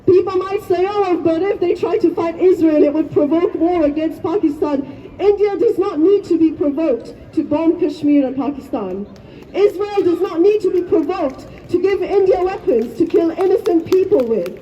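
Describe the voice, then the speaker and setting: A woman's voice: very high-pitched, animated, moderate pace. A woman giving an impassioned protest speech outdoors, leading the crowd in chants. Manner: fervent, leads crowd chants. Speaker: rally speaker. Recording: distant, dull lo-fi, faint crowd.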